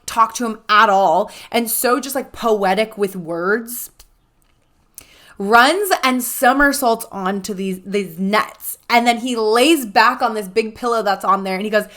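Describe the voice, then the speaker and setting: A young adult woman hosting a podcast, telling a personal story in a casual, animated way and acting out the dialogue with lots of "like.". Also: on the high side. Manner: animated, acts out quoted dialogue, frequent "like". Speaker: podcast host.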